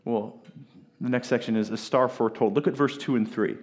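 With a medium-pitched voice and a brisk delivery, a man preaches. He's a pastor retelling a scripture story in a lively, informal way, throwing in remarks to his listeners.

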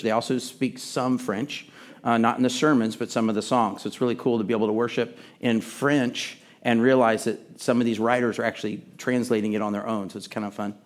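A man from Texas talks to his congregation through the church microphone. His pitch sits in an ordinary middle range. He is chatty and informal, and he backs up and restarts his sentences as he goes. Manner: friendly, loose and chatty, with frequent restarts. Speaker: worship pastor. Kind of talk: conversational church address. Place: church service before a congregation. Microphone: sound system microphone.

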